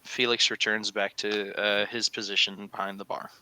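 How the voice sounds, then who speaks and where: A man's voice: fairly low pitch, normal speed, clean tone. A man running a tabletop game as game master, narrating scenes with lots of fillers. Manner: animated storytelling with frequent fillers.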